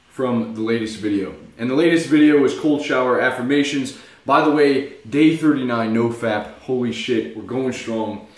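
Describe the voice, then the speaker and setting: A young man giving blunt, profane motivational talk in a casual self-help vlog. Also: mid-range voice. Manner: blunt, profane, animated storytelling. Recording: echoey room.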